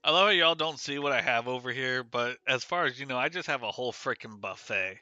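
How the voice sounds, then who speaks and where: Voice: mid-range voice, lively intonation, fairly quick, pushed and bright, no echo, dull audio. Playful streamer reading a dating game aloud. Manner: playful, self-mocking, laughs at own mistakes.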